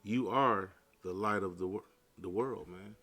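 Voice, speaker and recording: A man preaching to his online audience in a loose, conversational way. He drops into slang between passages of scripture read aloud, and his voice rises from low murmurs to loud bursts. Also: measured pace, faint music behind. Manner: casual street talk mixed with scripture reading. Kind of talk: informal sermon to viewers.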